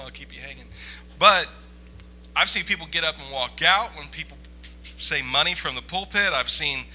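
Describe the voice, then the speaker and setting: A man's voice: fairly high pitch, bright, forceful tone, low-quality recording. A man preaching a sermon as pastor, conversational and joking with the congregation. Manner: joking, conversational, audience-teasing.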